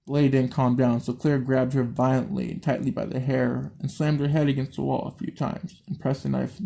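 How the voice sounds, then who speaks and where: A man's voice: mid-range voice, vocal fry, warm tone. Man stumbling through a horror story reading. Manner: stumbles, restarts and swears at his own misreadings. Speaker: story reader.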